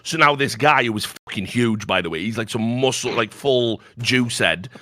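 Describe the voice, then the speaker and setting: A man's voice: mid-range voice, pushed and bright. A middle-aged man, telling a story as a talk show host in a blunt way, with lots of swearing. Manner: profane, blunt, fast-flowing anecdote with lots of swearing. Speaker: podcast host.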